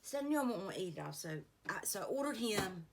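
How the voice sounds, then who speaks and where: A middle-aged woman with a gravelly, mid-range voice chats quickly in a sing-song way through a get-ready-with-me beauty vlog, wandering through stories full of asides. A slight hiss or hum sits under the recording.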